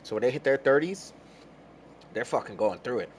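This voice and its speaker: A man's voice: medium pitch, lively intonation, fairly quick, slight background noise. A man in his thirties chatting casually with viewers on a gaming livestream, rambling, laid-back and swearing freely while he eats. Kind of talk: casual stream chat with viewers.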